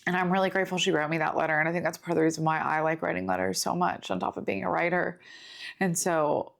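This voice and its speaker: A young woman in her twenties hosting a podcast, talking through grief in an earnest, confiding, unhurried personal monologue. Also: fairly low pitch, flat delivery, vocal fry. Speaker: podcast host. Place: home studio. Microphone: studio setup with camera.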